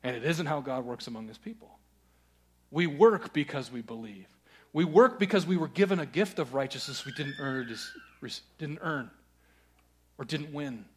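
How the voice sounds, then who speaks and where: A man preaching a sermon, earnest, moving between loud urging and hushed, searching questions. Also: on the high side, expressive, normal speed, slightly rough. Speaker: pastor.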